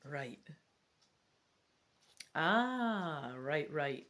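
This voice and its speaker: A woman's voice: mid-range voice, sing-song, a little slow. A Scottish woman reading a gamebook aloud and commenting on it in a chatty, wry way with casual swearing. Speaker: gamebook reader.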